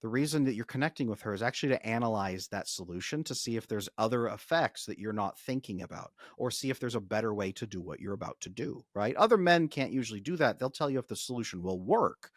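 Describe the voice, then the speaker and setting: A man's voice: on the low side, lively intonation, fast talker, no room sound, clean studio sound. A man speaking as a podcast guest and relationship coach, explaining ideas energetically with frequent restarts. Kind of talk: casual explanatory podcast talk.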